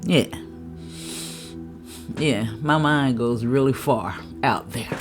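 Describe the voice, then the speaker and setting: A woman giving a casual tarot reading, chatty, with laughing asides and drawn-out exclamations. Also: very deep voice, over music. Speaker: tarot reader.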